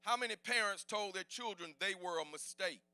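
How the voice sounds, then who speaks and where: Shouting, high-voiced, bright male preacher. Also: moderate pace, smooth, no echo. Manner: preaching with call-and-response, rising to shouts. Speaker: pastor. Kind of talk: sermon. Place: church sanctuary.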